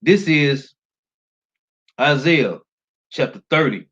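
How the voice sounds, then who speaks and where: A man delivers a street-style sermon, reading scripture and breaking it down in an emphatic, repetitive way. His voice sits fairly high for a man. The recording is dull and lo-fi. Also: animated, takes it slowly, fairly bright tone, slightly rough. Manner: emphatic, repetitive, ends phrases with a low "man". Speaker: preacher.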